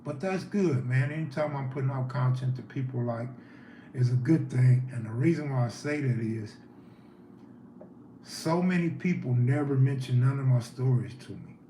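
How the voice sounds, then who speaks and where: Speaking at a moderate pace with medium pitch and a dark tone, a man hosts a relaxed livestream. He chats freely and answers viewers as their comments come in, recorded in an echoey space with faint background noise.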